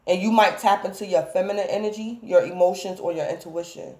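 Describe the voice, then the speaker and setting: Woman tarot reader, casual and rambling, mid-pitched voice, recorded in a roomy space. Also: brisk, darkish tone. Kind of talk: casual tarot reading to camera.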